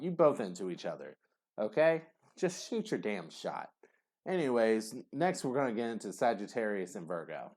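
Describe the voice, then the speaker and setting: A man giving a casual tarot reading to camera, rambling and hesitant, with many fillers. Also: lowish voice. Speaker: tarot reader.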